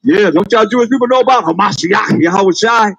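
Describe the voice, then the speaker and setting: A man's voice: high-pitched, a little fast, a bit bright, husky, dry recording, highs cut off. A man preaching on the street, calling out to passers-by with emphatic, laughing delivery. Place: outdoors on a street.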